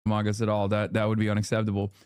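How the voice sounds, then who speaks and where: A man interviewing a guest, quick and teasing, poking fun at himself. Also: fairly low pitch, monotone, darkish tone, smooth, dry recording, clean studio sound. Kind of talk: casual interview chat.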